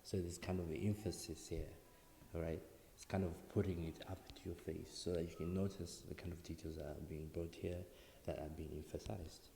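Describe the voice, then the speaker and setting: A man's voice: low voice, little pitch movement, normal speed, vocal fry, dark tone, a little hiss or hum. A man teaching a writing lesson, explaining step by step and repeating words for emphasis. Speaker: English teacher. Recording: echoey room with long reverb.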